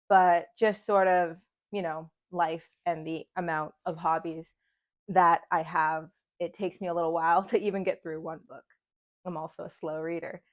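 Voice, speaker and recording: Chatty young woman, slightly low voice. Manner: chatty, self-deprecating, laughs often. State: scratchy throat. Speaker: book vlogger. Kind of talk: casual chat to camera. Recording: dull lo-fi sound.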